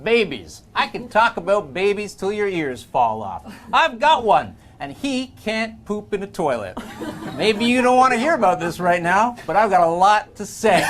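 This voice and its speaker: Man contestant with lively, swooping delivery. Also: high-pitched, measured pace. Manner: storytelling, mimics other people. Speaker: panel game contestant. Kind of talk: improvised comedy speaking game.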